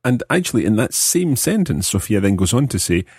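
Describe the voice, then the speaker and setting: A man hosting a podcast language lesson, explaining slowly and repeating example phrases. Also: on the low side, sing-song, a little mellow, breathy edge, no room sound, studio quality. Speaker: language teacher host.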